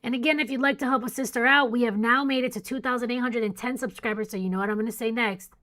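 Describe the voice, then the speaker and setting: A woman's voice: fairly high pitch, steady tone, fast talker, pushed and bright. Young woman, weather stream host, casual and chatty, yawning late at night. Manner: chatty, reads warnings then jokes with chat. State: sleepy, yawning. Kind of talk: casual live weather coverage.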